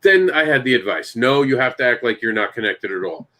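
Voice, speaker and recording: Animated storytelling man, mid-pitch voice. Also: brisk. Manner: animated storyteller, talks to co-hosts by name. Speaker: podcast host and comic creator. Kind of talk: casual chat.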